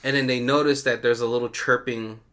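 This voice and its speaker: A man co-hosting a podcast, casually recapping a movie plot with animated storytelling and frequent laughs. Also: medium pitch, a little fast. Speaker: podcast co-host. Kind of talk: casual movie commentary chat.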